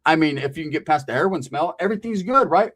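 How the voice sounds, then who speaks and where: Male storyteller: lively, higher-pitched delivery, slangy and profane. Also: quick pace. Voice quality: animated, swearing, slangy, asks "right?". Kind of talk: comic storytelling.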